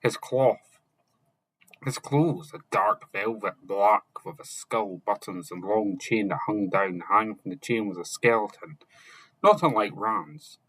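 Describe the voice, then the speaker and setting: A man narrating chapters of a fantasy novel, reading slowly and haltingly, sometimes correcting himself and only lightly voicing the characters. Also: lowish voice, lively intonation, a bit bright, breathy edge, dry recording, poor audio. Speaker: audiobook narrator.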